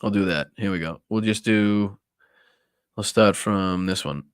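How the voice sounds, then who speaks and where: A man's voice: fairly low pitch, unhurried, smooth, no echo. A man with a Boston accent hosting a political live stream, ranting with heavy profanity. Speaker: political podcast host.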